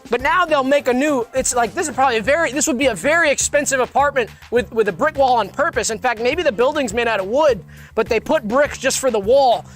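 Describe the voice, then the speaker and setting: A man co-hosting a comedy podcast, pitching sketch ideas in a meandering, rambling way. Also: fairly bright tone. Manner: meandering, restarts often, acts out bits. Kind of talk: rambling casual brainstorming.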